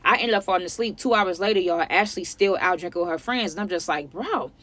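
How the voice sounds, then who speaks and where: A woman in her twenties telling a personal story to her viewers in a sassy, chatty, animated way. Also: on the low side, fast. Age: 20s. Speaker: storytime vlogger.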